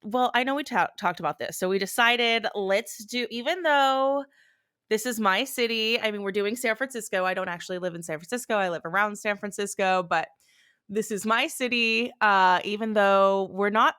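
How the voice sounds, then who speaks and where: Brief: a woman as a podcast co-host with a sharp, bright voice, rambling friendly chat, laughs easily. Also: medium pitch, clean tone. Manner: chatty, rambling, quick to laugh. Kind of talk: casual chat between friends.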